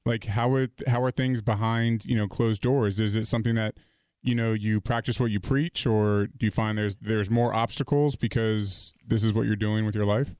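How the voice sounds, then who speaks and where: A man's voice: fairly low pitch, steady tone, moderate pace, a little mellow, clear, resonant tone, no room sound. Rambling man podcast co-host. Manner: rambling, repeats words while asking questions. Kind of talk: casual chat.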